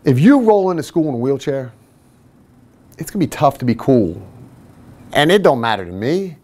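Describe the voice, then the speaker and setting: At normal speed and in a mid-range voice, a man who trains clients and hosts a podcast recounts a laid-back story at his own expense, animatedly imitating the voices of the others involved.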